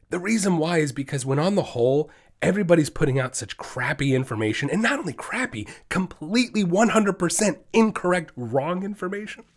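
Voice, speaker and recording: A man's voice: a little high, husky. A man hosting his own dog training podcast, talking solo in an emphatic, fired-up way that often slides into ranting.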